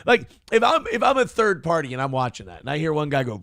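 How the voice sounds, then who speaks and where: A man's voice: fairly high pitch, very animated, fast talker, gravelly, hardly any pauses, a bit bright, no room sound, clean studio sound. A man hosting a talk show, reacting to clips with sarcastic, profane commentary and mocking asides. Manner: sarcastic, mocking, swears freely. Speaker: show host.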